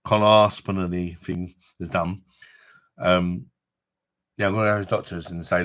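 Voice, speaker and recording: A man's voice: low voice, flat delivery, moderate pace, long pauses, a bit bright. A man chatting casually on a live stream, rambling and swearing freely, with a chesty cough from an infection. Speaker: livestream host.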